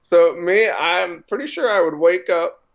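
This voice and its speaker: A man co-hosting a podcast, chatting casually and slipping in dry, teasing remarks. His voice sits a little high, and the recording sounds dull and lo-fi. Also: animated, measured pace, creaky. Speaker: podcast co-host. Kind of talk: casual chat.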